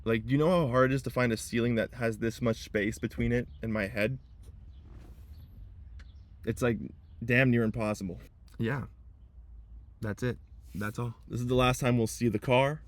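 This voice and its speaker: A man's voice: medium pitch, steady tone, moderate pace, pauses often. A young man talking to camera from inside his car in a rambling personal vlog, repeating himself and holding back tears. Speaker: vlogger.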